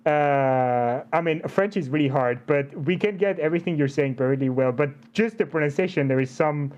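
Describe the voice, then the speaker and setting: A man's voice: a little high, normal speed, darkish tone. A young man hosting a casual interview, chatty and playful, often breaking into laughter. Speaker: interview host. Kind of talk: casual chat.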